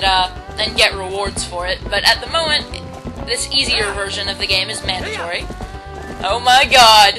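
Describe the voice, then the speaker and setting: A woman hosting a casual video game playthrough, chatty and self-mocking, now and then bursting into loud shouts. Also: mid-range voice, brisk, poor audio. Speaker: let's play host. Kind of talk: casual gameplay commentary. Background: video game music.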